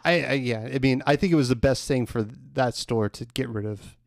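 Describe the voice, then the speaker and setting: A man with a medium-pitched, gravelly voice talks briskly in a dry recording. Co-hosting a podcast in a casual chat, he tells rambling stories packed with fillers, especially "like."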